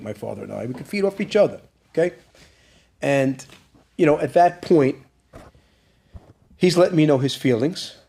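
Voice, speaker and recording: A man's voice: medium pitch, vocal fry, mellow. A man telling a personal story as a guest in an interview, emotional and at times rising to an urgent plea.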